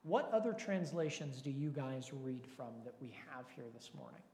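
Male pastor, mellow and earnest, quizzing his flock; reverberant room. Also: medium pitch, animated, normal speed, slight background noise. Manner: earnest, questioning, lightly joking. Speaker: pastor leading Bible study. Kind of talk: teaching sermon with prayer and questions. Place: large hall with long reverb. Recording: echoey reverberant hall.

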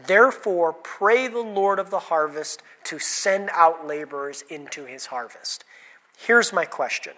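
A man's voice: a little high, measured pace, bright, forceful tone. A man preaching an interactive sermon, asking the congregation questions and calling on people by name. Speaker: pastor. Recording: hall reverb.

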